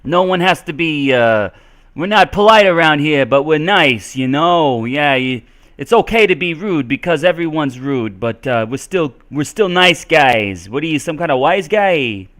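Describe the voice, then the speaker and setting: Guy doing a loud swaggering new york tough guy, thick new york accent, smooth clear voice. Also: a little high, lively intonation, a little slow, voice pushed up. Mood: brash.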